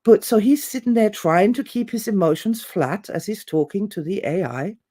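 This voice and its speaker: A woman's voice: medium pitch, moderate pace. A woman giving an opinionated, theatrical monologue, digressing and acting out other people's reactions. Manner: animated, theatrical, acts out quotes, digressive. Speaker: presenter.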